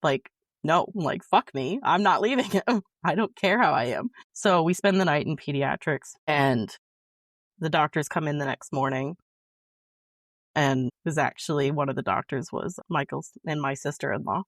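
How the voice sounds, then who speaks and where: A woman's voice: low voice, no echo, clean studio sound. Earnest woman telling her story. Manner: earnest, emotional, halting with restarts. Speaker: podcast guest. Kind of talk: personal storytelling in conversation.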